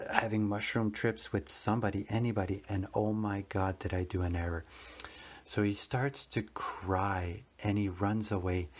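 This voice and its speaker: A man in his thirties with a fairly low voice, speaking as a podcast host. He tells a personal story in an earnest, rambling way, restarting phrases and circling back as he goes. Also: darkish tone. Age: 30s. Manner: rambling, earnest, self-correcting.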